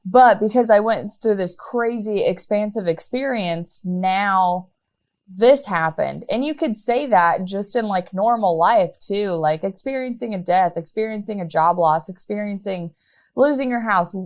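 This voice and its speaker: A woman's voice: medium pitch, unhurried. A woman hosting a podcast, chatting casually and affirming her guest often. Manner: supportive listener, frequent short affirmations. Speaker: podcast host. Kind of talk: casual interview chat.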